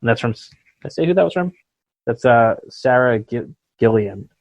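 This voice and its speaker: A man's voice: medium pitch, animated, normal speed, no echo. Casual, laughing podcast host man. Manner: joking, laughs often. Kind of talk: casual chat. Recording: dull lo-fi podcast audio.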